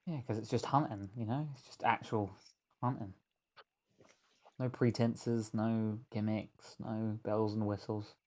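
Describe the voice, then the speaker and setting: A man's voice: fairly low pitch, steady tone, unhurried, darkish tone. A man joking and rambling in casual banter while playing a game with a friend on a stream, laughing often. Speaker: co-player on a stream.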